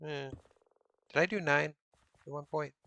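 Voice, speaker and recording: With lively intonation and a slightly slow pace, a streamer reads chat aloud and mutters block counts while building in a game. He playfully feigns suspicion of his viewers. His medium-pitched voice is very bright, close, and dry, with no echo.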